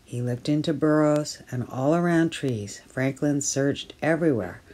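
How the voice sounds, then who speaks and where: A woman reading a children's picture book aloud for storytime, gently and clearly. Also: deep voice, a little slow. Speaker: storytime reader at early years centre.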